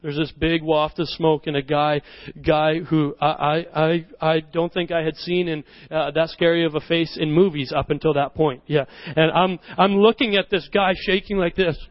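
A man preaching a sermon to his church, telling a personal story as an animated storyteller who often laughs at himself. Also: on the high side, normal speed, hardly any pauses, no room sound. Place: church service. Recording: slightly dull recording with worship music behind.

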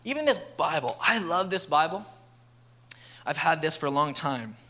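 Young male pastor, earnest sermon delivery, bright forceful voice. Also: fairly high pitch, expressive, moderate pace. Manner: earnest, building to emphatic appeals.

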